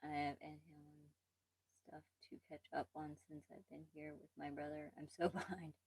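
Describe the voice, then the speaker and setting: Young woman, casual livestream chat, rambling, self-deprecating, lower voice, dry close sound. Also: little pitch movement, moderate pace, a little mellow, breathy edge, no echo, low-quality recording. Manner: chatty, rambling, self-deprecating, frequent laughs and restarts. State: occasional allergy cough. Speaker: channel host.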